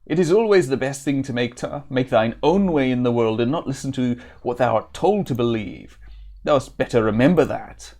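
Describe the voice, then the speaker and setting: A man doing a gruff old sea dog. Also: medium pitch, lively intonation, normal speed, a little mellow, close to an everyday voice. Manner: vague put-on old-timey accent, archaic speech. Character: gruff old male sailor turned shipwright, scornful.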